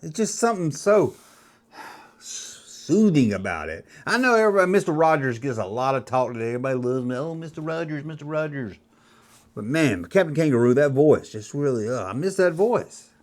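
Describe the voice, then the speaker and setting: Male host, fifties, mid-pitched, rambling nostalgic monologue, loose and chatty. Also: big pitch swings, fairly quick, a little mellow. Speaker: YouTube host.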